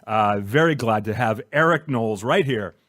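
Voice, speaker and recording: A man in his forties hosting a comedy podcast, telling self-deprecating jokes in a relaxed, chatty way. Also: mid-range voice, normal speed, no room sound, studio quality. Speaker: podcast host. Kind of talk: casual comedic interview chat.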